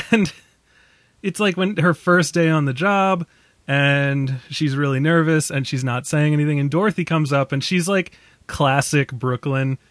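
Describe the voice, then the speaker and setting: Young guy gushing about a film, laughs a lot, kinda high voice, dry close mic. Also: measured pace, dry recording. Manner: enthusiastic, laughs often. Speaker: film podcast co-host. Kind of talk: casual chat.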